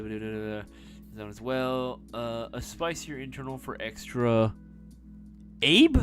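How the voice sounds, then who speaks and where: A young man hosting a casual live-stream Q&A, swearing freely and laughing often. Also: medium pitch. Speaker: live stream host answering viewer questions.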